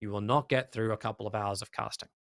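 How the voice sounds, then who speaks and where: Animated Australian man, dry close sound. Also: on the low side, fast talker, creaky, no echo. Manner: animated, emphatic, many fillers. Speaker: esports caster, guest. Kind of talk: casual interview chat.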